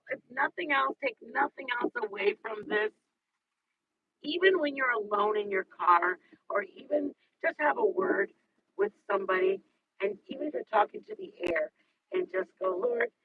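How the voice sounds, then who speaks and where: A woman's voice: sits high, gravelly, phone-quality sound, slight background noise. A woman hosting a casual livestream chat, gushing and rambling between bursts of laughter, speaking into wireless earbuds. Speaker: channel host.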